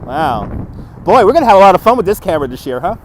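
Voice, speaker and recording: Walking outdoors at night on city streets, a male vlogger chats into a phone on a gimbal for his livestream, laughing frequently and repeating himself. He talks fast in a high voice with big pitch swings. The recording is low quality, with slight background noise.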